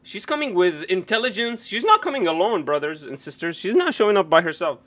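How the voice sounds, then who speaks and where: High-pitched, loud, mocking streamer man. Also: big pitch swings, brisk. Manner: loud, mocking, sarcastic, swears often. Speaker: live-stream host reacting to a clip. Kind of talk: profane, animated live-stream rant.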